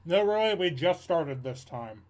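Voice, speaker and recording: A man's voice: a little high, expressive, unhurried. A man on a live game stream, laid-back and laughing, eating a sandwich while he talks. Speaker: streamer co-host.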